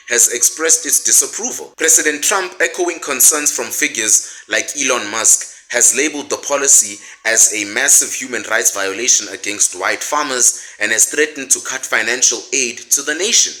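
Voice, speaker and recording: A man reads sharp political commentary in a very bright, forceful voice. His pitch swings widely as he piles on sarcastic rhetorical questions with indignation. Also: poor audio. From South Africa.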